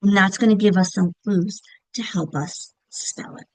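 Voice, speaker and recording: A woman's voice: mid-range voice, unhurried, darkish tone, no echo, rough recording. A woman teacher trainer giving a recorded presentation, explaining step by step, sounding out example words and checking in often.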